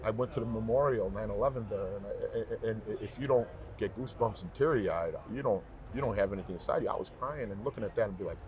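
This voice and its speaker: A man who is a professional singer, guest on an interview show, telling stories in an animated, emphatic, rambling way. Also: on the low side, fast, hardly any pauses. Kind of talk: casual interview talk.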